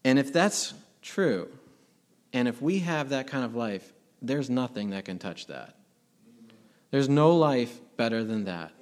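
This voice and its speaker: A middle-aged man, a pastor, preaching a sermon in an earnest, emphatic way, asking rhetorical questions. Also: medium pitch.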